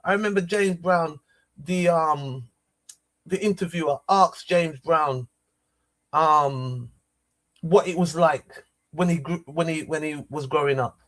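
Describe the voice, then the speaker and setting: A man's voice: on the high side, slow, a bit bright. A man talking in a rambling, repetitive and emotional way, streaming outdoors near trees. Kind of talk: casual rambling monologue.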